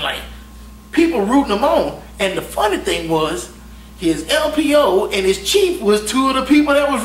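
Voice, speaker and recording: A man tells a story with a lively, swooping voice, cursing freely and laughing often. He sits back from the mic in an echoey room, with a faint hum underneath. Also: very high-pitched. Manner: animated, profane, laughs often. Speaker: navy veteran storyteller. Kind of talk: casual storytelling. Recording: roomy echo, distant mic, faint hum.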